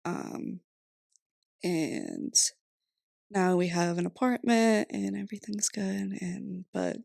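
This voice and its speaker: A woman's voice: mid-range voice, very animated, slow pace, creaky, a little mellow, no echo, studio quality. A young woman in her twenties from Rhode Island, chatting casually as a podcast guest, laughing often and saying "like" a lot. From Rhode Island, USA. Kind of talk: casual interview chat.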